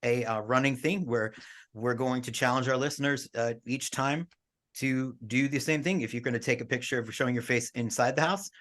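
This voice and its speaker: A man's voice: mid-range voice, a little fast, a bit bright. A man co-hosting a casual podcast, upbeat and talking with easy fillers and restarts. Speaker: podcast co-host.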